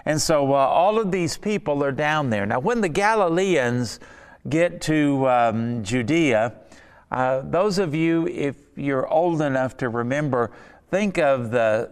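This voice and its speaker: A man preaching a sermon, unhurried and emphatic, pausing between phrases. His mid-pitched voice carries the long reverb of a large hall. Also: lively intonation, clear, resonant tone. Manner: slow, deliberate, emphatic delivery with pauses.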